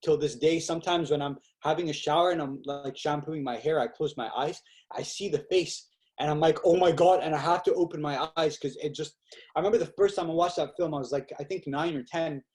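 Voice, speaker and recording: A young man as a podcast guest, telling stories in a lively, casual way and acting out quotes, with lots of "like" fillers. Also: a little high, brisk. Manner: animated, acts out quotes with fillers like "like". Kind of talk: casual storytelling chat.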